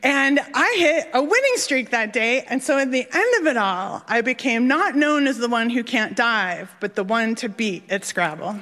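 A woman telling a personal story on stage, animated and self-mocking, laughing through her lines. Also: on the high side, moderate pace, few pauses. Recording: long hall reverb.

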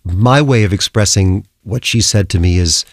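An older man speaks with a low, gravelly voice in a close, dry studio recording. He tells thoughtful stories about music, unhurried and reflective, as a conductor in a radio interview. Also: dry recording. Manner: thoughtful, storytelling, puts on voices in anecdotes.

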